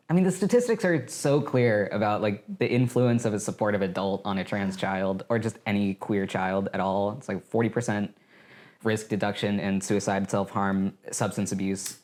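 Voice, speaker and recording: A man's voice: lowish voice, moderate pace, darkish tone. A man speaking as a podcast guest, reflective and hesitant, searching for his words. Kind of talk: casual podcast interview.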